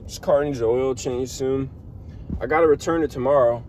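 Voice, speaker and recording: A man's voice: medium pitch, normal speed. A young man talking casually to the camera from inside a car, venting in a rambling, profane way. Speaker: vlogger living in his car. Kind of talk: casual vlog monologue. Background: faint car and street noise.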